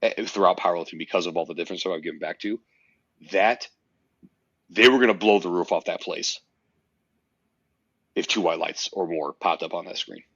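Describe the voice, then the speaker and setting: A man's voice: low voice, a little fast, long pauses, fairly bright tone, breathy edge, dry recording. A man guesting on a podcast, telling a personal story with blunt, emphatic, profanity-laced conviction. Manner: emphatic, swears often, tells stories intensely. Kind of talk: casual podcast conversation. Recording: dry, slightly muffled podcast audio.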